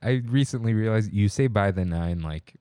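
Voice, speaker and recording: The young co-host's lowish voice has a clean tone, recorded without echo, and he talks at normal speed. It's a casual podcast conversation where he meanders through anecdotes with animated quoting.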